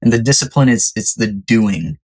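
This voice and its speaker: A podcast guest who tells a story with animated delivery, acting out the quoted lines in shifting voices. The manner is conversational and enthusiastic, with the pitch sitting in the middle range. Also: normal speed.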